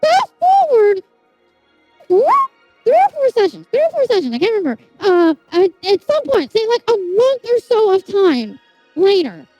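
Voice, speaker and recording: A streamer chatting casually with viewers, telling animated, exasperated stories full of swearing. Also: very high-pitched, normal speed, no echo, faint music behind, poor audio. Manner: animated storytelling, heavy swearing, exasperated rants.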